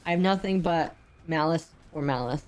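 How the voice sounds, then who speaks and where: A woman streamer chatting casually over her gameplay, rambling with frequent ums, and sounding unwell and low on energy. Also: moderate pace.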